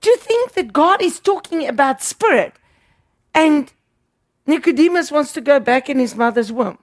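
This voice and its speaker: A woman's voice: high voice, lively intonation, moderate pace. A woman preaching a sermon, emphatic and repeating words for stress.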